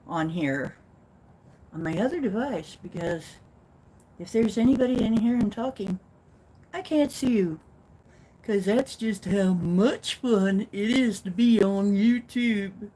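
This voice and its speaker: A woman with a flat Midwestern accent hosting a casual livestream, rambling and teasing herself playfully. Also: mid-range voice, slow. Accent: Midwestern American. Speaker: livestream host.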